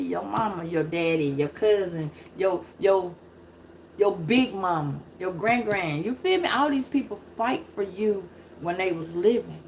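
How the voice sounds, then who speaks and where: A woman's voice: mid-range voice, slight background noise. Emphatic, profane middle-aged woman. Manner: emphatic, preachy and profane, building to loud bursts. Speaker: tarot reader. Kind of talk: casual live-stream reading.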